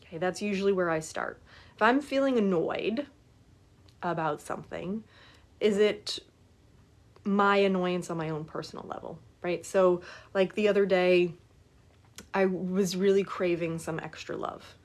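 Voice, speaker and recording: A woman's voice: on the low side, measured pace, pauses often. A woman in her forties talking casually to her viewers as a life coach. She is chatty and keeps asking for agreement as she goes. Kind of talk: casual live talk to viewers.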